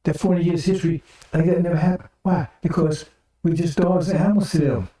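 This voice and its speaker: A little high and a little fast, an older man's dark-toned voice carries an informal sermon broadcast. Speaking rhetorically, he repeats phrases and tags on "right?" and "see?", with the mic placed far off in an echoey room.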